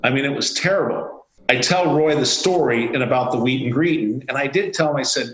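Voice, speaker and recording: A man's voice: mid-range voice, fairly quick, few pauses, echoey room, low-quality recording. A man, a company CEO, telling a story in an interview and acting out the quoted dialogue. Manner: animated, acts out quoted dialogue. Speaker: CEO guest. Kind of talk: anecdotal storytelling.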